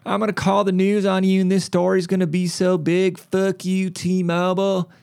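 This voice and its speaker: A man putting on the voice of an angry store customer who threatens a clerk in a slow, drawn-out way. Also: high-pitched, monotone, creaky, a little mellow, smooth, voice pushed up. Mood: threatening.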